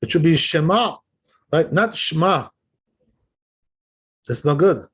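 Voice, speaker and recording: A man's voice: fairly high pitch, animated, fast talker, a little mellow, breathy edge. A man, a rabbi, giving an informal religious lesson, explaining as he goes and repeatedly checking in with "right?" and "you know?". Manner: demonstrates pronunciation aloud. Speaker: rabbi teaching a class.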